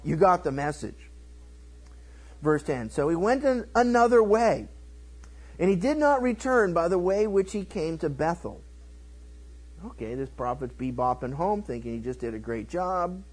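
Animated high-voiced male pastor. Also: rough recording. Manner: animated, acts out the characters in quick voices. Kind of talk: verse-by-verse Bible teaching.

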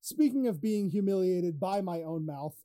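Dark-voiced man arguing on a podcast. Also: high voice, lively intonation, moderate pace, no echo, clean studio sound. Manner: argumentative, laughing, profane. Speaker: podcast co-host. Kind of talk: casual podcast banter.

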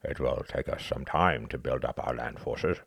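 A man's voice: a bass voice, normal speed, creaky, breathy edge, no room sound, clean studio sound, heavily acted. A man voicing a blunt, scornful aging British statesman in an audiobook, arguing emphatically. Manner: emphatic, lively argumentative delivery. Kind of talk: audiobook character reading.

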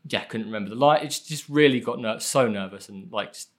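A man's voice: medium pitch, quick pace. Rambling, self-deprecating man. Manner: rambling, self-deprecating, swears casually, many fillers. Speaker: guest, film editor. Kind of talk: casual podcast chat.

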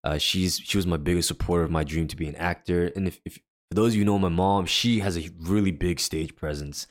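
A low-pitched man with a steady tone talks fast on the faith podcast he co-hosts. He earnestly relates something personal in loose chat, imitating what others said.

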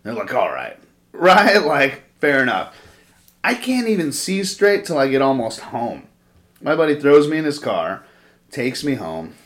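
A man's voice: mid-range voice, big pitch swings, a little slow, fairly bright tone. Swearing, rambling male podcast talker. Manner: profane, rambling storyteller. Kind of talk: casual podcast chat.

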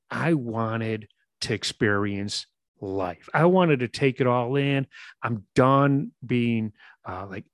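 A middle-aged man telling a personal story in an earnest, halting way, often repeating words as he goes. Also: medium pitch, no room sound.

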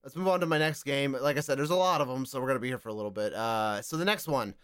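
A man's voice: mid-range voice, very fast, clean tone, no echo, clean studio sound. A man hosting a casual gaming podcast, rambling along with lots of fillers. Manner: rambling, filler-heavy, expressive. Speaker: podcast host.

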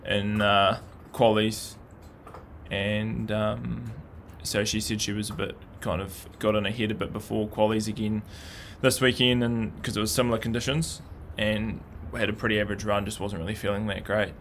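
Kiwi man, low gravelly voice, casual pundit chat with faint room hum behind. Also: flat delivery, moderate pace, fairly bright tone. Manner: thoughtful, hesitant, many fillers. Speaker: downhill racing pundit.

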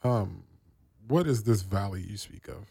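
A man's voice: fairly low pitch, animated, measured pace, creaky, dark tone, slightly rough, no echo, clean studio sound. A man from the East Coast of the US hosting a radio show, talking casually and slangily with many fillers.

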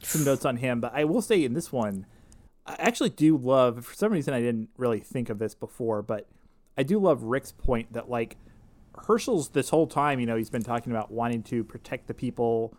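A man's voice: medium pitch, brisk, a little mellow. A man co-hosting a podcast in casual chat, joking and rambling with many restarts. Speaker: podcast co-host.

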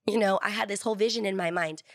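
A woman's voice: medium pitch, fairly even intonation, racing, no echo, clean studio sound. A woman sharing her faith testimony in a podcast chat, earnest, often acting out what God and other people said to her.

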